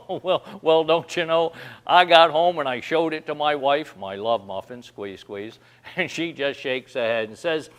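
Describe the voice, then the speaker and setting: A folksy man tells comic yarns in a slightly high voice. He talks like a down-home storyteller and chuckles as he goes. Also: unhurried, fairly bright tone. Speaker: host of a humor segment.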